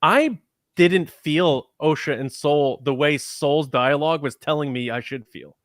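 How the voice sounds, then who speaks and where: A man's voice: fairly high pitch, unhurried, dry recording, clean studio sound. A man co-hosting a podcast, talking in a casual, jokey way and acting out quoted reactions as he reviews a show. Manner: animated, jokey storytelling with quoted asides. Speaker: podcast host.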